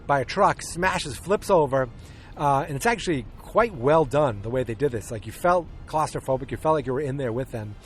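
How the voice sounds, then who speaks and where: A man hosting a casual movie podcast, rambling with lots of fillers and restarts and acting out scenes in quick bursts. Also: fairly high pitch, a little hiss or hum. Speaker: podcast host. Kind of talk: casual movie review chat.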